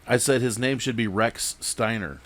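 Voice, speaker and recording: A man's voice: mid-range voice, moderate pace, fairly bright tone. A man co-hosting a casual wrestling podcast, blunt and swearing freely. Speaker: podcast co-host. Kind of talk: casual chat.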